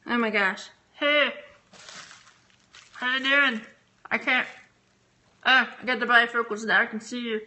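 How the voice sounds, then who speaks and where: A woman's voice: a little high, fairly even intonation, measured pace, long pauses, pushed and bright. A woman from Texas chatting casually on a phone livestream, giggly and rambling as she talks to viewers. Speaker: reseller vlogger.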